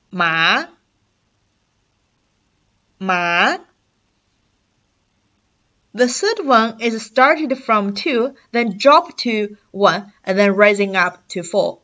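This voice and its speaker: A woman teaching a language lesson, speaking slowly and carefully and sounding out syllables for learners to repeat. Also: mid-range voice, fairly bright tone, dull audio. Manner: slow, careful delivery, demonstrating syllables aloud for repetition.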